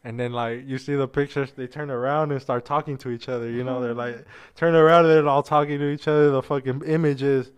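A young man with a smooth, resonant voice chats loosely as a podcast co-host. He rambles through anecdotes full of slang and swearing, calling everyone "bro." His pitch sits in a middling register. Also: fairly even intonation, a little fast, hardly any pauses, highs cut off. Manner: slangy and profane, peppers speech with "bro" and "dude". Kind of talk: casual chat, storytelling.

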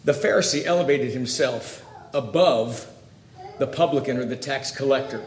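A man preaching a sermon, emphatic, swinging between loud declarations and quiet, confiding asides. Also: medium pitch, moderate pace, reverberant, slight background noise.

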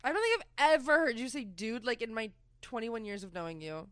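A woman's voice: fairly high pitch, a little fast, smooth, dry recording, clean studio sound. A young woman co-hosting a podcast, bantering playfully in a casual chat. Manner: lively, playful banter with laughs. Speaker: podcast co-host.

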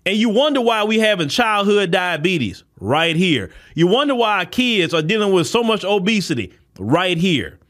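A man with a high voice runs his own podcast. He preaches in a heated commentary, circling back over the same points and calling out directly to his listeners. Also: sing-song, moderate pace, few pauses, a bit bright. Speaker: podcast host. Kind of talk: impassioned commentary monologue.

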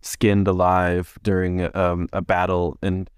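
A man with a fairly low voice chats on a podcast, spinning animated stories and laughing along the way. His voice is recorded dry and close, with no room sound around it. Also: slow pace, clear, resonant tone, dry recording. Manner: animated storyteller who laughs often. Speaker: podcast co-host. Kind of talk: casual chat.

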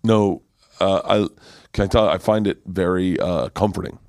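A man who is a comedian, chatting casually, profane and animated, often jumping into voices. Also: low-pitched, normal speed, dry recording, clean studio sound. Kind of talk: casual podcast chat.

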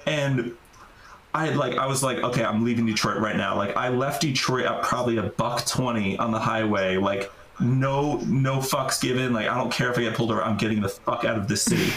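A man's voice: medium pitch, brisk, a bit bright, a little hiss or hum. Man telling a wild story in an echoey room. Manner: rambling, heavy use of "like", swearing. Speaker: podcast guest, urban explorer. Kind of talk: casual storytelling.

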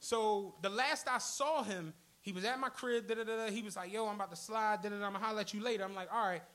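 A podcast co-host performs live at a comedy club, telling a profane story fast and animatedly while voicing each person he quotes. His voice is very high, bright, and forceful.

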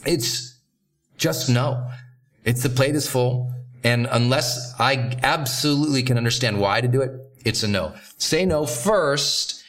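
A man hosting a motivational training talk, coaching in a direct, emphatic way with quick asides. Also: medium pitch, fairly bright tone. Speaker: host and coach.

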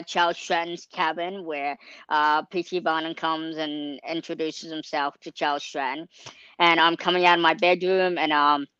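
A woman's voice: on the low side, fairly bright tone, smooth, no echo. A young adult woman, an actor in an interview casually telling a story, earnest and full of "um", "like" and "you know". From Australia. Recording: slightly dull lo-fi sound.

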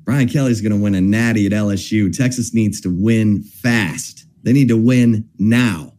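A man's voice: on the low side, moderate pace, mellow. A man hosting a sports talk show, upbeat and talking up guests and sponsors. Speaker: host.

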